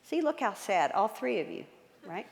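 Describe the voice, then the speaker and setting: A woman's voice: medium pitch, big pitch swings, normal speed, gravelly. A woman author giving an enthusiastic history talk to a live audience in a church, often quizzing them with questions. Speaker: guest speaker and author. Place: large church hall. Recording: long hall reverb.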